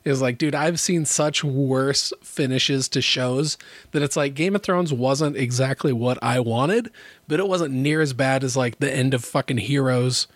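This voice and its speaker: A man in casual chat, talking in a relaxed way and swearing offhand. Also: mid-range voice, measured pace, no room sound.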